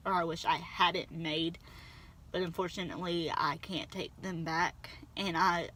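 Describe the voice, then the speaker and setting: A young woman vlogger telling a painful personal story, halting and restarting, on the verge of tears. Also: on the low side, pushed and bright. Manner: halting, with many restarts and trailing pauses.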